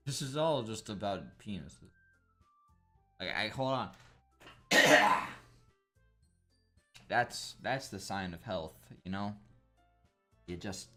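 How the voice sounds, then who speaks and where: A man's voice: on the low side, expressive, slow, pauses often, bright, forceful tone, faint music behind. A young man commenting on a game in a rambling, crude and joking way, swearing often. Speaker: gameplay commentator. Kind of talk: casual gameplay commentary.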